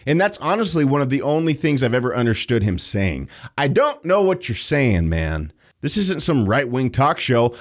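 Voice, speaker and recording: A young adult man hosting an opinion podcast, sarcastic and animated, jumping between loud and quiet. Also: mid-range voice, moderate pace, hardly any pauses. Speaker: podcast host.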